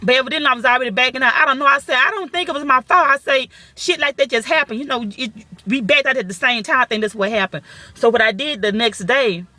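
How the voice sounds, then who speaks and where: Bright-voiced animated woman storyteller. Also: quick pace, no echo, soft background music. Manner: animated, profane, swings high when quoting herself. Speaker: vlogger telling a personal story. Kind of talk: casual storytelling to viewers.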